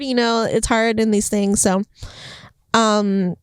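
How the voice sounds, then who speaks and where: A woman's voice: medium pitch, takes it slowly, clean tone, no room sound. Chatty young woman, dry close sound. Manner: chatty, heavy use of "like", animated quoting. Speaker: faith vlogger. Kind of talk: casual devotional vlog monologue. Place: indoors, Los Angeles home. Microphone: phone or camera mic.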